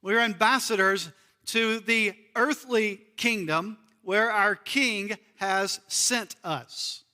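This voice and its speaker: A man from the United States preaches in a church with a high, bright voice. He sounds earnest and leans on repeated key phrases for emphasis. The voice carries a long reverb from the hall. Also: slow pace. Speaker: pastor. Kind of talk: sermon. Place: church sanctuary.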